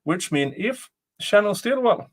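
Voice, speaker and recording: Chuckling man, lively pitch. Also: unhurried. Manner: chuckles often, jokey asides. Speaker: livestream host commenting on a trial. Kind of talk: casual live commentary.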